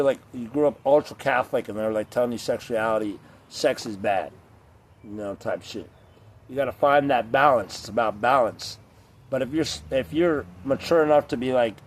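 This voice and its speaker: A young man vents in a loose, profane vlog rant, blunt and rambling. His voice sits at an ordinary middle pitch, and he slips into mocking voices of other people. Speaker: vlogger. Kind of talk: ranting monologue to camera.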